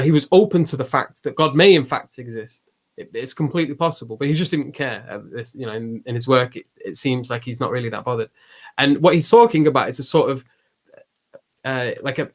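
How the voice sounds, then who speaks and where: A man hosting a podcast, explaining philosophy in a loose, thinking-aloud way with many restarts and fillers. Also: mid-range voice. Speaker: podcast host. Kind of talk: casual philosophical discussion.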